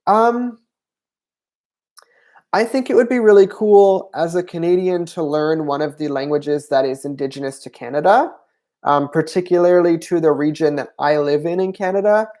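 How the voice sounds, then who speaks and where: A livestream host works through viewer questions in a loose Q&A, pausing often with ums while thinking aloud. The voice sits at a middle pitch. The delivery is unscripted and chatty. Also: fairly even intonation, a little mellow. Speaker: language channel host.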